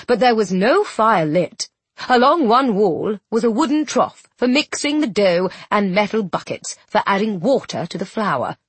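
A woman narrating a storybook with expressive, playful storytelling. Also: mid-range voice, a little slow, husky, dry recording. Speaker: audiobook narrator. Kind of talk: scripted narration.

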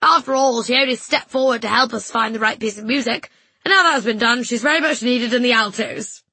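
A woman's voice: a little high, brisk, sharp tone, slightly rough, no echo. A woman voicing a haughty, domineering choir matriarch who speaks sharply and with false sweetness in an audiobook. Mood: falsely sweet. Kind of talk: audiobook character voice.

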